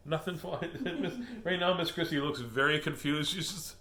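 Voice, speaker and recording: A man's voice: fairly high pitch, a little slow, fairly bright tone. A man hosting a casual storytime, reading children's books aloud with jokes and asides. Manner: playful, jokey, laughs at his own puns.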